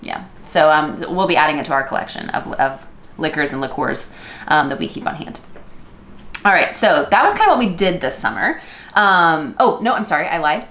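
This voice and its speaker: A woman with a notably low, deep voice chats casually as co-host of a vlog, upbeat and full of filler words. She sounds like she is in a roomy, echoing space indoors. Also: lively intonation, normal speed, fairly bright tone. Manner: chatty, upbeat, with frequent "um" and "yeah". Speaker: co-host of a couples channel.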